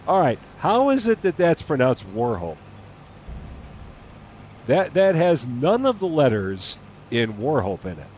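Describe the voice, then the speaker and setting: Chatty man with a lively voice. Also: fairly high pitch, a little slow, long pauses, slight background noise. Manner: chatty, playful, wondering aloud. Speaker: game streamer. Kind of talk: casual live gameplay commentary.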